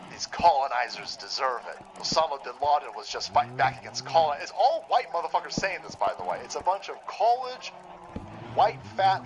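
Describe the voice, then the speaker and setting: High, lively-voiced ranting man. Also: poor audio. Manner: profane, sarcastic ranting. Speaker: stream host. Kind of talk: livestream political commentary.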